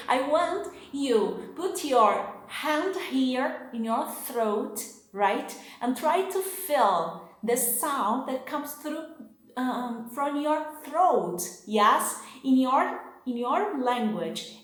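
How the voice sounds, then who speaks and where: A woman's voice: high voice, reverberant. A woman from Brazil with a Brazilian Portuguese accent, teaching an online language lesson in a patient, encouraging way and often checking in with "okay?" and "right?".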